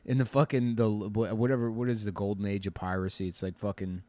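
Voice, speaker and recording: A man's voice: lowish voice, little pitch movement, fast, mellow, no room sound. A man co-hosting a podcast, rambling through crude comic riffs in casual banter. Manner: rambling, crude, jokey, puts on silly voices. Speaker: podcast co-host.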